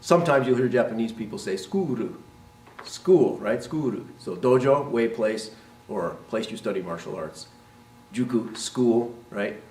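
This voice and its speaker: A man's voice: mid-range voice, normal speed, a little mellow, a little hiss or hum. Man teaching, roomy distant sound. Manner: explains and models pronunciation, often asks "right?". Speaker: martial arts instructor. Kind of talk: instructional talk to camera. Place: martial arts school.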